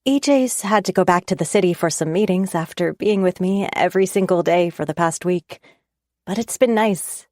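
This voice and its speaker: Low-voiced woman narrating a romance. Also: normal speed, darkish tone, no echo, clean studio sound. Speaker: audiobook narrator. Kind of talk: first-person romance audiobook narration.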